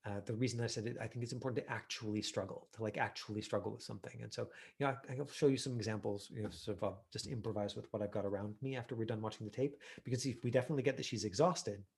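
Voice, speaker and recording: A man's voice: lowish voice, fairly even intonation, racing, creaky, hardly any pauses. Chatty male acting teacher, full of fillers. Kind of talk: online acting class, reviewing a self-tape.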